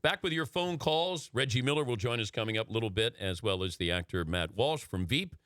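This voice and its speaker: A man's voice: mid-range voice, a little fast, noisy background. A man in his fifties hosting a radio show in a studio, asking a guest questions and reading sponsor copy. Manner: relaxed, prompting with questions, reads sponsor copy. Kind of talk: interview and show host talk. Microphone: studio mic.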